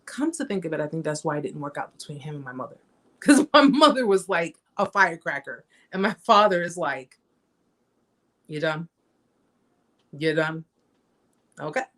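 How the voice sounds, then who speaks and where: A woman's voice: big pitch swings, a little fast, fairly bright tone. A woman hosting a live-stream chat, talking conversationally and emphatically, repeating herself and acting out the stories she tells. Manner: reenacts stories with raised pitch. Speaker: host.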